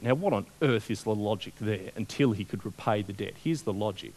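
A man preaching a sermon, conversational and animated, often asking the congregation questions. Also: lowish voice, brisk, few pauses.

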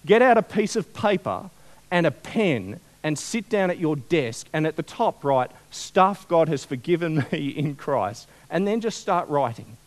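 A man preaching a sermon, conversational and animated, often asking the congregation questions. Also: on the high side, measured pace.

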